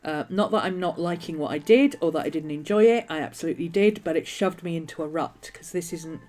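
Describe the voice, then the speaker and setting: A woman hosts a casual journaling vlog, rambling and restarting often while a nagging cough keeps interrupting her. Her voice is low-pitched, a little mellow, and slightly fast.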